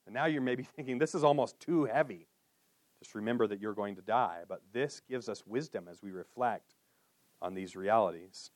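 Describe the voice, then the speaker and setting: A man preaching a sermon, his voice sitting low and earnest. He sinks into a hushed tone on solemn words and rises when he presses a point. The sound is dry and close, with no room around him. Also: moderate pace, dry recording. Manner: earnest, with drops to a hushed low voice and lifts for emphasis. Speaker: pastor.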